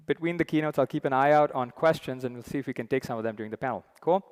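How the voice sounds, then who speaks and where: A man's voice: medium pitch, racing. Chatty man chairing a conference session. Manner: relaxed, chatty, with many fillers. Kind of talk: conference stage talk. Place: large conference hall. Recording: long hall reverb.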